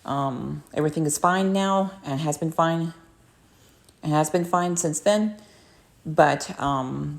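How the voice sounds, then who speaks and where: Woman, lowish voice, casual livestream chat, rambling, lots of fillers, at home. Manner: rambling, with many fillers and restarts.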